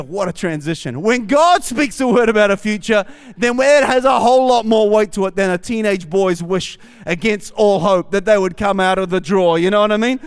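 Fervent high-voiced New Zealand pastor preaching. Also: male voice, moderate pace, clean tone. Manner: preaching with rising fervor, reads scripture aloud. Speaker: campus pastor. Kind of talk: sermon. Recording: long hall reverb.

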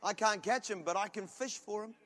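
A man preaches a sermon, telling his stories loudly and with comic energy. His voice sits high and sounds bright and forceful. He talks like a pastor who enjoys a joke with his congregation. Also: brisk. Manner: loud, animated storytelling with comic outbursts.

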